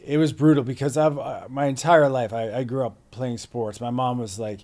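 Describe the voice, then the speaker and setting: A middle-aged man from Massachusetts talks as an interview guest. His voice is mellow and dark, at an ordinary pitch for a man. He rambles in a laid-back, slangy way, full of fillers and restarts. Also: normal speed. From Plymouth, Massachusetts. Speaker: guest actor. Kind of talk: casual interview storytelling.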